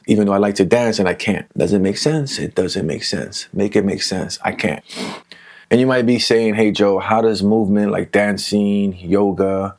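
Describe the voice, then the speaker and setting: A middle-aged man with a New York accent talks through trauma recovery in a casual, candid way. His voice sits low and he mumbles softly, as if trying not to wake anyone. He drifts into self-deprecating asides. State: speaking low and mumbling in the early morning. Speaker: mental health video host. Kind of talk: casual educational monologue.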